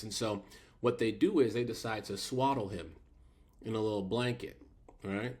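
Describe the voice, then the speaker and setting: A man's voice: lowish voice, normal speed, darkish tone. A middle-aged man co-hosting a podcast, telling the story animatedly in a casual chat and laughing often. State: sick. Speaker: podcast co-host. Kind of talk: casual chat recapping a sitcom.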